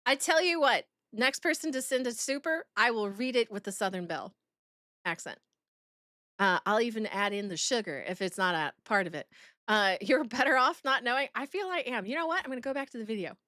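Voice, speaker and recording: A woman's voice: a little high, expressive, fairly quick, bright, forceful tone, no echo, clean studio sound. A woman streamer chatting casually with her viewers, giggling as she reads out chat messages. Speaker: streamer reacting to a video.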